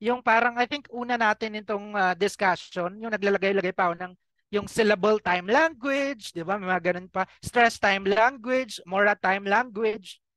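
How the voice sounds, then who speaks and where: A man's voice: high-pitched, moderate pace, fairly bright tone, no echo, rough recording. A man with a Filipino accent teaching an online review class for an exam, quizzing his students and switching between Tagalog and English.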